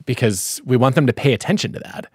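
A man hosts a podcast interview, thoughtful and measured as he tells a story and sets up his questions. His voice sits at a middle pitch. The recording is dry and close. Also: lively intonation, breathy edge, no echo. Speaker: podcast host.

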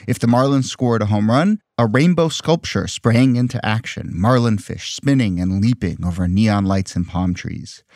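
A man's voice: fairly low pitch, normal speed, few pauses, a little mellow, no room sound, studio quality. Wry man hosting a podcast. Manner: wry, conversational, skeptical. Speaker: podcast host. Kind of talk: scripted podcast narration. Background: faint music.

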